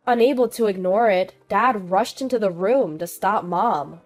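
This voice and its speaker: A woman reading a first-person family drama as scripted narration, in an even, steady manner. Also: medium pitch, moderate pace, hardly any pauses, soft background music.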